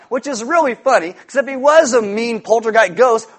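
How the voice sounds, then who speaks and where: A man preaching a sermon, animated and jokey, telling stories with loud shouted impressions. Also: very high voice, a little fast, few pauses. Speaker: pastor.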